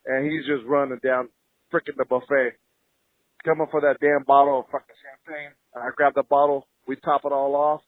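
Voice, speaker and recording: A man calling in to tell an animated, profane story, acting out the other people's voices. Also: mid-range voice, moderate pace, no echo. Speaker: caller. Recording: phone-line audio.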